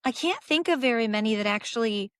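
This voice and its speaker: A woman hosting a podcast chat, with a squeaky voice and an upbeat, enthusiastic way of talking. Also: animated, fast, fairly bright tone, clean tone, no echo. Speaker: podcast host. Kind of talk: casual chat.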